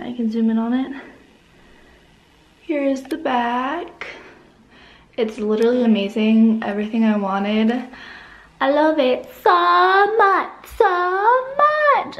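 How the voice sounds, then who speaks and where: A teenage girl vlogging casually, bubbly and gushing, with quick asides. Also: on the high side, a little mellow. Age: teens. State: groggy morning voice. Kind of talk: casual vlog chat.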